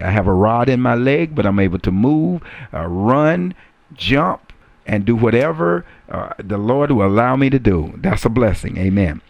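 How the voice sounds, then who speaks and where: A man preaching a sermon, repeating key phrases and rising to emphatic high exclamations. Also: vocal fry, no echo, dull audio.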